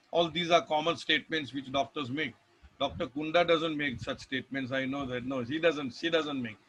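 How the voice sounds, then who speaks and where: A man's voice: fairly high pitch, fairly even intonation, moderate pace, a bit bright, slight background noise, rough recording. A man with an Indian English accent giving a rambling spiritual talk, telling stories with restarts and emphatic lists. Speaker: devotional speaker.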